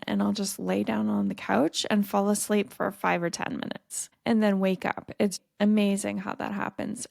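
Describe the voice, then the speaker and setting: Gravelly, earnest woman podcast host. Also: medium pitch, no room sound, studio quality. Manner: gentle, earnest, encouraging. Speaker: dating coach and podcast host. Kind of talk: solo podcast talk.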